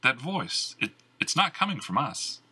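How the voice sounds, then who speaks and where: A man's voice: medium pitch, big pitch swings, unhurried, pushed and bright, husky, pitched above the performer's own voice, full character voice. A man voicing Christian, a wary young adventurer who keeps questioning what is going on. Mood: uneasy.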